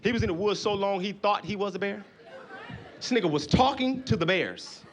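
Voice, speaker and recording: A man performing loud, profane stand-up comedy on a club stage, often shouting. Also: high-pitched, lively intonation, moderate pace, a faint crowd.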